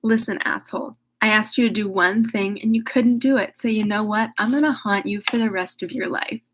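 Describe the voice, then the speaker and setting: A woman's voice: medium pitch, fairly quick, fairly bright tone. A woman voicing a resentful, vengeful male creature who talks bluntly and scolds. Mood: scolding.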